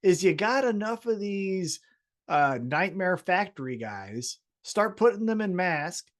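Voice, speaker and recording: A man co-hosting a podcast in casual chat, animated but pausing on fillers. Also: high voice. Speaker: podcast co-host.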